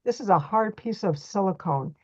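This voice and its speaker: A middle-aged woman leads a hands-on reflexology class in a folksy, chatty way. Her voice sits at an ordinary middle pitch. The sound is dry and a little dull and muffled. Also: animated, moderate pace, no room sound. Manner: chatty, folksy, demonstrating on a model foot. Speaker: reflexology workshop instructor. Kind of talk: hands-on workshop teaching.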